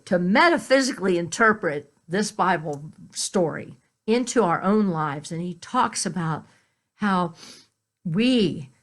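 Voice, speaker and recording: Slow-talking lady pastor, 50s, gentle sunday sermon, chatty asides. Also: on the low side. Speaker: minister.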